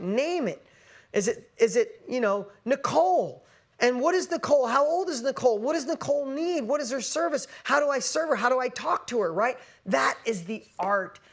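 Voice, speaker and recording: A middle-aged man giving a motivational business talk, energetic, telling stories and firing rhetorical questions. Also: very high-pitched. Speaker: business speaker.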